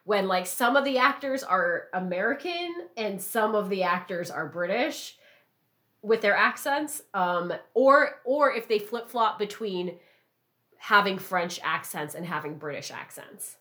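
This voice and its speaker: A woman's voice: mid-range voice, lively intonation, a little slow, a bit bright. A woman in casual chat, agreeable and thoughtful, laughing easily.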